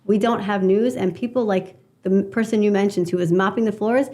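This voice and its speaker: A woman guest on an interview show, talking earnestly and animatedly, with quick asides. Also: medium pitch, fairly even intonation, warm tone. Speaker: guest, media strategist. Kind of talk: conversational interview storytelling.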